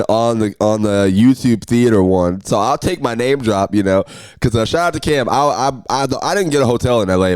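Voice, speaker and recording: Smooth-voiced young man ranting on a podcast. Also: no echo. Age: young adult. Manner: animated ranting, swings high and loud when worked up. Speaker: podcast host. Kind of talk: solo podcast storytelling.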